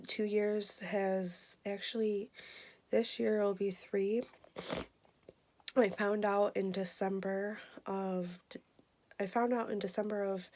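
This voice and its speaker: A woman in her twenties giving an earnest, emotional personal health update, halting with many fillers. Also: mid-range voice, gravelly, a little mellow. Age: 20s. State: emotional, near tears. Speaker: vlogger.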